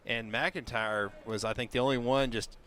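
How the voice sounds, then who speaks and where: A man giving relaxed color commentary on a baseball game, explaining plays. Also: mid-range voice, moderate pace, a little hiss or hum. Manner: relaxed, explanatory, many fillers. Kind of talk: live baseball analysis.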